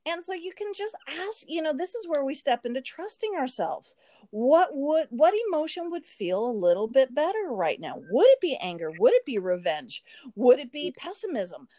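A woman co-hosting a podcast, chatting casually in an animated way, laughing often and filling her speech with "you know" and "um". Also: high-pitched, moderate pace, no room sound, studio quality. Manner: animated, laughing, many fillers. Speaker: podcast co-host. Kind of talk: casual chat.

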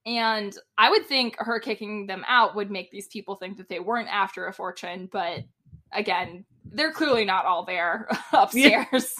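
A woman's voice: mid-range voice, normal speed, sharp tone. A woman co-hosting a podcast, chatting casually about a TV episode, laughing often and filling her talk with "like". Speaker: podcast co-host. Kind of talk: casual TV recap chat.

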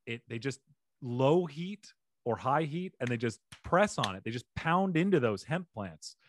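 Playful joking man with lively pitch. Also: unhurried. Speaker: podcast host. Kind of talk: casual comedic chat. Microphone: remote call.

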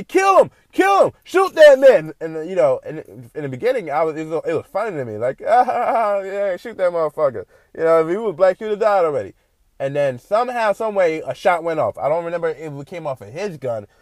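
A man's voice: fairly high pitch, darkish tone, dry recording. A man, hosting a podcast, speaking in a passionate monologue peppered with "you know" and mocking quoted voices. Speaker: podcast host. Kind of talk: impassioned monologue.

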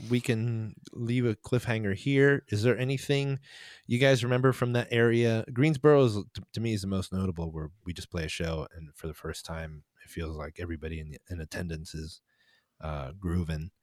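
A man's voice: low voice, no echo, clean studio sound. Rambling young man telling a story. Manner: rambling, halting restarts. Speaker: podcast host, band member. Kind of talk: casual chat, storytelling.

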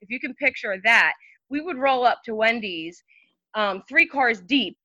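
A woman's voice: a little high, lively intonation, unhurried, bright, forceful tone, no room sound. A woman telling stories as a podcast guest, chatty and full of fillers. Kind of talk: casual storytelling. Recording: dry, slightly dull lo-fi sound.

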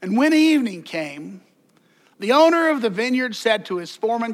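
A man's voice: extremely high pitch, sing-song, normal speed. A man preaching a sermon as pastor, conversational, with joking asides and repeated words.

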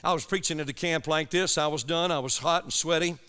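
A man's voice: fairly high pitch, a little fast, pushed and bright, smooth. A man preaching an urgent, impassioned sermon to young people at a camp. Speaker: evangelist preacher.

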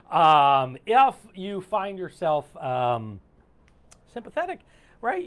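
A man coaching and hosting a live online session over a video call, talking casually with lots of fillers and restarts. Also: a little high. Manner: animated, warm-hearted, rambling with many fillers. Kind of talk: casual live-stream talk.

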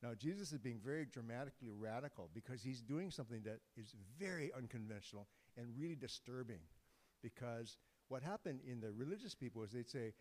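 Speaking fast in a mid-range voice with a darkish tone, a guest preacher works through a loose sermon in a church sanctuary. He jokes with the people in the pews and often begins his sentences again, with long hall reverb on the recording.

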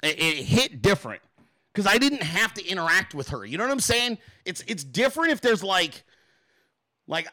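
Angry man ranting, forceful voice. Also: sits high, sing-song, normal speed, dry recording, rough recording. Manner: angry, profane, blunt venting. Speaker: show host. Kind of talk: ranting solo talk-show monologue.

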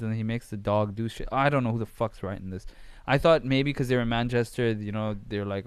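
A man hosts a casual recap podcast, venting in an exasperated, profane ramble full of sighs and restarts. His voice is smooth and resonant. The recording is close and dry. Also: medium pitch, fast talker, no room sound. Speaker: podcast host.

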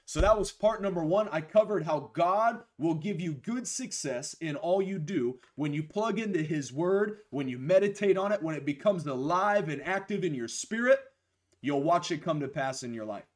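A young man with a fairly high voice preaches a sermon over a live stream. His voice is a little hoarse after a week of preaching. He talks with conviction, slowing down to lean on the key phrases. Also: animated. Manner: emphatic, slows and stresses key phrases, greets viewers by name. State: losing his voice.

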